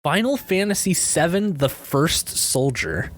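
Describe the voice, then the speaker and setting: A man's voice: a little high, very animated, measured pace. Easygoing enthusiastic podcast co-host man. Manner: easygoing, enthusiastic, casual swearing. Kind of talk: casual chat.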